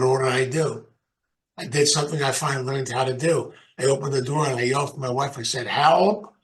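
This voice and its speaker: A man's voice: mid-range voice, fairly bright tone, rough recording. An older man giving an informal motivational talk to a recovery group, conversational and repeating phrases for emphasis. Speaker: recovery program speaker.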